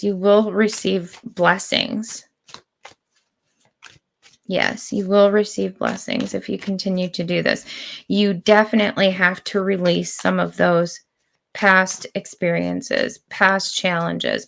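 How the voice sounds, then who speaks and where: A woman giving spiritual readings to viewers of her live stream. She talks at an unhurried pace, drawing out her phrases, and her mid-height voice carries a gravelly fry. The delivery is calm and deliberate. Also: medium pitch. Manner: slow, deliberate, drawn-out phrasing. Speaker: spiritual reader.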